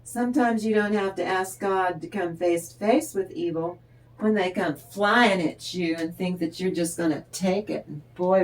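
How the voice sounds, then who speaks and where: A woman giving a tarot reading, talking straight to the listener in an encouraging, unhurried way and laughing often. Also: fairly low pitch. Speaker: tarot reader. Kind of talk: tarot card reading to the viewer.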